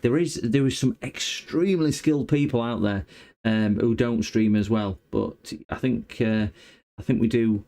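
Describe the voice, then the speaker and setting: A man's voice: mid-range voice, normal speed, dark tone. A man chatting casually on a repair livestream, rambling and hesitant with many fillers. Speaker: electronics repair streamer.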